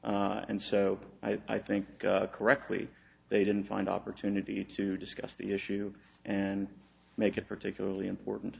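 A man's voice: fairly low pitch, monotone, normal speed, gravelly, a little mellow, highs cut off. A man from Texas, an attorney making an oral argument on appeal, hesitant with many fillers and restarts.

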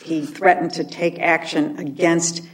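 A woman's voice: deep voice, level tone, measured pace. A woman judge questioning counsel from the bench, skeptical and pointed. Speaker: appellate judge. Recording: distant mic with faint noise.

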